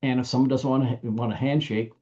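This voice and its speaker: A man's voice: mid-range voice, fairly even intonation, quick pace, mellow, dull audio. An older American man giving an informal training talk, folksy and anecdotal, often restarting his sentences. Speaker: business trainer.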